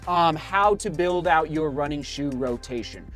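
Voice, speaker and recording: Excitable high-voiced male running vlogger. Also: moderate pace, soft background music. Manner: exclaims and gasps a lot. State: slightly out of breath. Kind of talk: excited unboxing vlog. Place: hot home studio.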